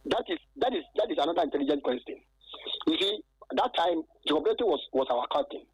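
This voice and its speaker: A man, a former footballer calling in to an interview, talking in a halting, aggrieved way and stacking repeated words and fillers. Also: a little high, lively intonation, husky, no room sound, rough recording. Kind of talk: phone-in interview.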